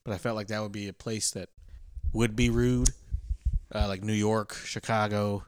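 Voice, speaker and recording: A man from Texas co-hosting a podcast, chatting in an animated way and asking lots of questions. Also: lowish voice, moderate pace, clean tone, dry recording, studio quality. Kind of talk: casual chat.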